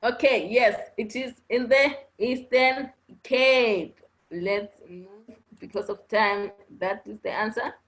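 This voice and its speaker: A woman teaches a class over an online lesson, taking her time over each point. Her voice sits a little high, and she keeps circling back with a patient "okay?" to check that everyone follows. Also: slow pace, fairly bright tone, a little hiss or hum, rough recording. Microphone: online video class audio.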